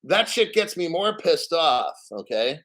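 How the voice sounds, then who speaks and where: A man's voice: fairly high pitch, very animated, unhurried, fairly bright tone. A man hosting a casual livestream, reading financial news and chat comments aloud and giving blunt, profane opinions.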